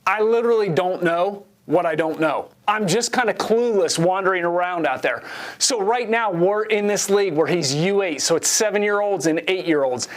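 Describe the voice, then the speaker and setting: A man in his forties preaching a sermon, telling a self-deprecating story in an animated way. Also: high-pitched, normal speed. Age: 40s. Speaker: pastor.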